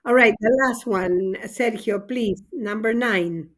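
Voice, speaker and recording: A woman teacher runs an English grammar lesson. Her voice sits a little high and she takes her time, spelling out each rule patiently. She keeps cheering the class on, dropping into to gloss words. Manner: encouraging, explains grammar slowly and switches to Spanish for glosses.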